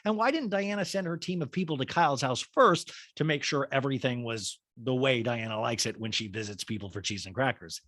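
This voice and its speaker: A man hosting a podcast, recapping a reality show in animated, gossipy storytelling full of impressions. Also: mid-range voice, a little fast, few pauses, no echo, studio quality. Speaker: podcast host. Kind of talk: comic TV recap.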